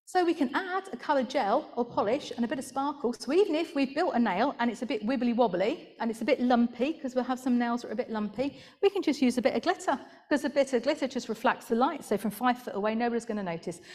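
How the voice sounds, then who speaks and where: A woman's voice: on the high side, darkish tone. Chatty woman giving a talk. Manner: chatty, gossipy asides, laughs at own jokes. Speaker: podiatrist presenting at a conference. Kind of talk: conference talk with slides.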